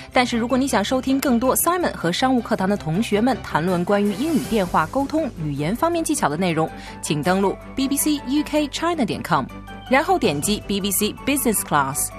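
A woman's voice: medium pitch, big pitch swings, brisk. Woman announcer over faint music. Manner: smooth, formal. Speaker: program announcer. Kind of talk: scripted radio outro.

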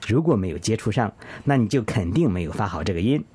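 A man co-hosting a pronunciation lesson, a native Mandarin speaker explaining clearly and steadily. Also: on the low side, expressive, fast, darkish tone. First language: Mandarin Chinese. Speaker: co-host of English pronunciation lesson. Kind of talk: scripted radio lesson, explaining in Chinese.

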